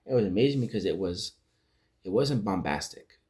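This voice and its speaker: A man's voice: lowish voice, animated, normal speed, darkish tone. A man giving a casual, rambling spoken review of a TV episode, retelling scenes and acting out lines. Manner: rambling recap with restarts and acted-out quotes. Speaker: show reviewer. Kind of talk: casual commentary.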